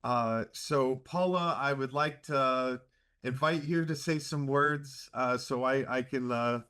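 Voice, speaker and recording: A man chairing a committee, presenting an award in a halting, emotional way over a video call. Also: medium pitch, a bit bright, smooth. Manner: emotional, halting, many fillers.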